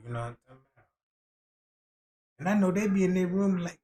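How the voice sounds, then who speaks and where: Guy with a pretty high voice going off on a crude rant, swearing a lot, keeps saying you know what i'm talking about. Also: animated, fast talker, pauses often, warm tone. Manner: crude, profane, slangy storytelling with acted quotes. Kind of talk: casual livestream rant.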